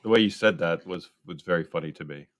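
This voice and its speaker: A man's voice: sits low, fast talker. A man co-hosting a podcast, dropping short amused remarks in casual chat. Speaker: podcast co-host.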